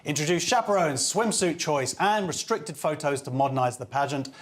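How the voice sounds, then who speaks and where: A man hosting a studio panel show, reading out audience questions and news items in a brisk, dry manner. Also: fairly high pitch. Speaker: show host.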